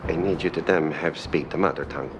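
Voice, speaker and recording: An actor playing a gruff Icelandic man who speaks broken English in an Icelandic accent. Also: quick pace, over music. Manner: broken word order, low gruff delivery.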